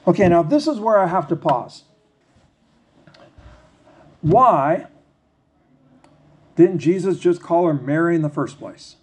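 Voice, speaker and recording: A man preaching a sermon, reading scripture slowly and then talking it through in a conversational, questioning way. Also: fairly high pitch, lively intonation, a little mellow, slightly rough. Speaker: pastor.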